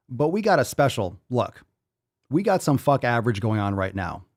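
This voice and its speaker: A man's voice: mid-range voice, big pitch swings, a little slow. Profane, hyped-up man host. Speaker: podcast host. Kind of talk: live-stream chat reading comments.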